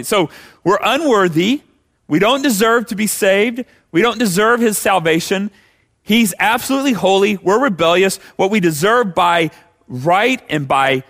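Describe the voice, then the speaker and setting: A man's voice: high-pitched, fairly bright tone. A man preaching a sermon as pastor, conversational, with many rhetorical questions.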